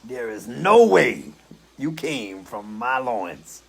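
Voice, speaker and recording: A gruff old sheriff barks out his lines in a slow, drawn-out drawl. The voice sits noticeably high and slightly away from the mic, put on by a man. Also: sing-song, full character voice. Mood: blustering. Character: blustering gruff Southern sheriff, older man.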